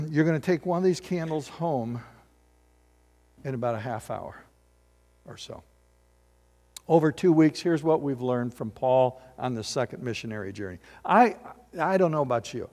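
A middle-aged man pastor preaching a sermon in a church, animated and full of rhetorical questions to the congregation. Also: medium pitch, moderate pace, pauses often. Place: church sanctuary. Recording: long hall reverb.

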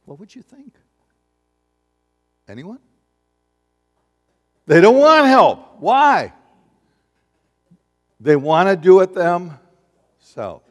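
A man preaching a sermon in a lively, conversational way, asking the congregation questions and acting out little voices. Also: high voice, drawn-out words, pauses often. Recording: long hall reverb.

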